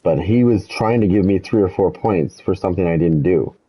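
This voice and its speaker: Low-voiced man ranting over gameplay. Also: a little fast, slightly rough, rough recording. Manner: rambling, animated when quoting himself, swears freely. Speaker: gaming streamer. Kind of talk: casual storytelling over gameplay.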